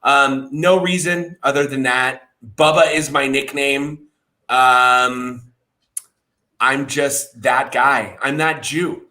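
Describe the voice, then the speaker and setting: A man guesting on a comedy podcast, telling stories in a lively, casual way and swearing freely. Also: medium pitch, takes it slowly.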